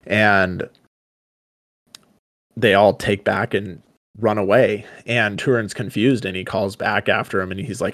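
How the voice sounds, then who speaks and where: A man's voice: lowish voice, fairly even intonation, measured pace, long pauses, a bit bright, no echo. A man co-hosting a podcast, casually retelling a story in his own words and acting out the characters' lines. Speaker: podcast co-host. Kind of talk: casual book discussion and retelling.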